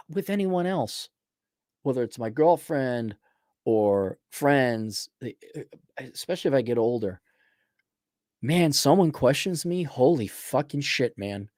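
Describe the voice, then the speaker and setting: A man's voice: medium pitch, moderate pace, a little mellow, dry recording, studio quality. A man hosting a show and ranting in a blunt, crude and combative way. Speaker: podcast host. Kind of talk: profane rant.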